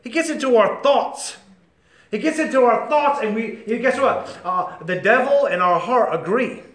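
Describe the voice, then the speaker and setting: A male preacher with a high, ringing voice delivers an impassioned sermon. He swings from loud bursts down to hushed, intimate lines and calls on his listeners by name. The sound is roomy and echoey. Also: lively intonation, moderate pace. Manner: impassioned, swings between shouting and near-whispering.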